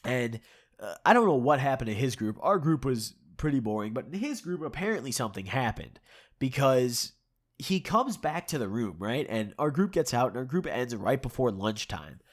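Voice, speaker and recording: A man's voice: medium pitch, sing-song, moderate pace. Young male YouTuber, congested and a bit sore-throated, casual profane storytime. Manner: profane, rambling, chuckles often. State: stuffed-up nose and sore throat.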